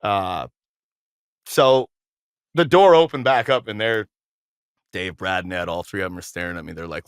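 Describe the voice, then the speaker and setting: A man with a low voice tells a winding story in a casual podcast chat. He restarts his sentences often and slips into the voices of people he quotes. The sound is dry and close. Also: moderate pace, pauses often, smooth, dry recording. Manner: rambling, animated storyteller acting out quotes, frequent restarts. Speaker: podcast guest, musician.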